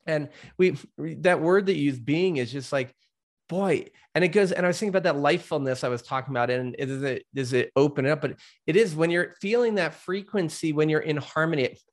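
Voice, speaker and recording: Chatty man with a slightly high voice. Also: a little fast. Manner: casual and chatty, with many "like" fillers. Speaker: summit host. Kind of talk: conversational interview.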